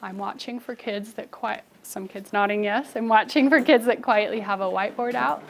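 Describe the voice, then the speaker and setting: A woman's voice: mid-range voice, moderate pace, creaky, a little hiss or hum. A young adult woman teacher leading a phonics lesson with children, coaching them and adding asides to other teachers. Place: classroom. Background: children in class.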